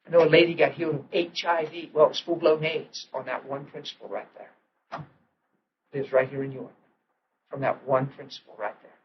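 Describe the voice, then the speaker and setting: A middle-aged man preaching a sermon, telling a story with lively acted-out quotes. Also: fairly high pitch, a little fast. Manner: animated storytelling, acting out quotes, laughing. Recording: dull lo-fi archival audio with faint hiss.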